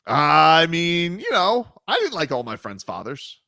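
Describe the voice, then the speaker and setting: A male sports radio host in loose, teasing banter, his voice bouncing up and down with a lot of life. He talks with a fairly high pitch. The sound is dry and close to the microphone. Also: huge pitch swings, a little slow, gravelly, bright, forceful tone, no room sound. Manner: playful, teasing, puts on goofy voices. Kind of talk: casual sports talk.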